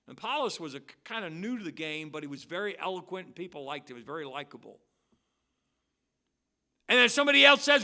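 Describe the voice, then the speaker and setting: A man preaching as pastor at a midweek church service, swinging between loud, drawn-out stressed words and quiet, quick asides. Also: sits high, animated. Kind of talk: expository sermon. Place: church sanctuary.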